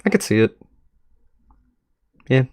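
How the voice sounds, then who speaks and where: A man streaming live, reading an online story aloud and reacting with frequent laughs and excited remarks. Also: slow.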